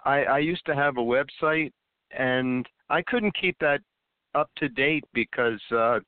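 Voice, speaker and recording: A man's voice: mid-range voice, measured pace, smooth, no echo. A man, an actor guest, chatting casually about his projects and laughing often. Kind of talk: casual interview chat. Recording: dry, phone-like call audio.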